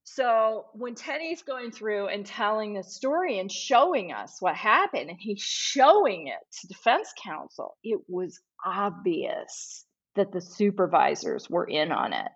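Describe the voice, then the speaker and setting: A woman's voice: mid-range voice, animated, slow pace, a bit bright. A woman trial lawyer, a podcast guest, telling a case story vividly and acting out what people said. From Los Angeles-based. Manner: vivid retelling, acts out quoted speech. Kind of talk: storytelling in conversation. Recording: dull lo-fi audio.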